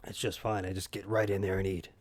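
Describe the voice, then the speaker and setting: A man's voice: sits low, flat delivery, quick pace. A man streaming a video game from home, joking and rambling as he chats with his viewers by name. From New York. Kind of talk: casual gaming stream chat.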